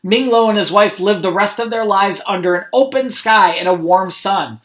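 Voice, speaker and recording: A man's voice: high voice, moderate pace, fairly bright tone. A man, a school principal, reading picture books aloud to students online, with friendly, chatty asides. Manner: friendly, chatty asides between read passages.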